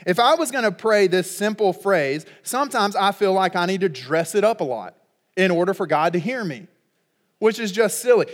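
Male pastor, middle-aged, high voice, conversational sermon, humorous, loud emphatic peaks. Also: expressive, moderate pace, in a large hall.

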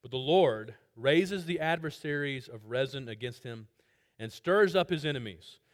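A man preaching an expository sermon, swinging between loud emphatic lines and quiet low asides. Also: expressive, normal speed. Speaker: pastor.

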